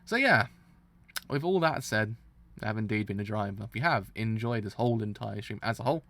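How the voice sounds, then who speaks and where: A man's voice: on the low side, brisk. Exasperated man ranting on stream. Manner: animated, exasperated ranting with frequent restarts. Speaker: streamer reacting to manga. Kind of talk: live reaction stream.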